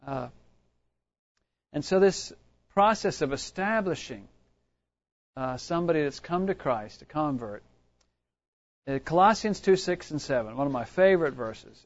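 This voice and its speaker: A man's voice: on the high side, expressive, normal speed, pauses often. A man preaching a sermon in a conversational, storytelling way, often restarting his sentences. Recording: dull lo-fi recording.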